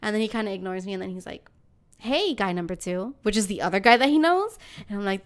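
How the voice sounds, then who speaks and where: A woman's voice: mid-range voice, quick pace. A woman, hosting a podcast and telling a story in casual chat, ranting and swearing freely. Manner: animated ranting, swears a lot. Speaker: podcast host.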